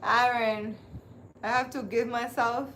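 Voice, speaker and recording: A woman's voice: on the high side, fairly even intonation, slow, a bit bright, a little hiss or hum. A woman who hosts her own channel as a spiritual healer, chatting casually and animatedly to her live viewers and laughing often. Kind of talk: casual live-stream chat.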